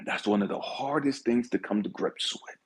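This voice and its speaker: A man giving an impassioned spiritual talk, swinging between hushed whispers and shouted pleas. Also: mid-range voice, moderate pace, husky. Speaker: spiritual speaker. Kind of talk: impassioned motivational preaching.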